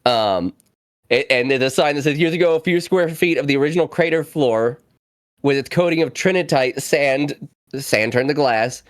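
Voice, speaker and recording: A man chatting casually on a stream, animated, swearing freely and laughing often. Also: mid-range voice, normal speed, no echo, clean studio sound. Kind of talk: casual chat.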